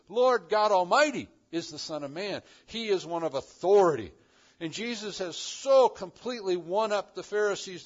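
A man preaching a sermon as pastor, swinging between loud emphatic lines and hushed ones. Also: sits high, highs cut off.

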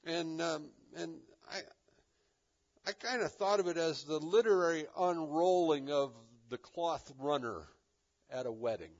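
A man's voice: fairly high pitch, unhurried. A man preaches with a slightly raised voice, teaching from the pulpit in an easygoing, conversational way. His words are often loosened by casual fillers and restarts. The recording sounds dull and a bit lo-fi. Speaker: pastor. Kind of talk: expository sermon.

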